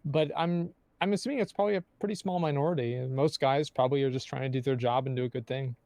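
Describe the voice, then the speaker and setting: A man's voice: medium pitch, fast, darkish tone, no echo. A man in casual chat who hedges a lot, saying "I mean, like" and agreeing easily. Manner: hedging, agreeable, many "I mean, like". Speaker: podcast guest.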